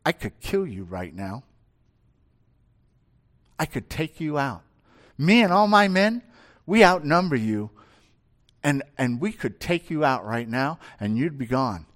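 A man's voice: high-pitched, huge pitch swings, slow pace, exaggerated voice. A man preaching, voicing an indignant, threatening older male patriarch in an accusing tone.

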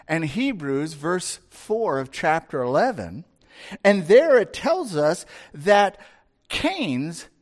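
Animated male preacher, high voice. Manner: conversational, animated storyteller. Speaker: pastor. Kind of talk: sermon.

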